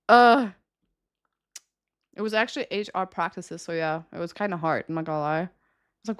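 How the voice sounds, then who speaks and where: A woman's voice: on the low side, normal speed, pauses often, smooth. A young woman streaming and chatting casually with viewers, giggling often and ranting with plenty of swearing. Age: young adult.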